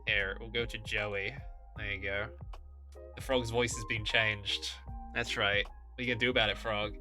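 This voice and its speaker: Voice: mid-range voice, little pitch movement, moderate pace, over music. A streamer chatting live, greeting viewers with bubbly, goofy exclamations.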